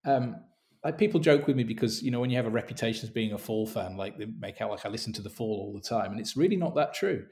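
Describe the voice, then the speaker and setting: A man co-hosting a casual podcast, talking in an earnest, reflective, slightly halting way. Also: lowish voice, lively intonation, a little mellow. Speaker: podcast co-host.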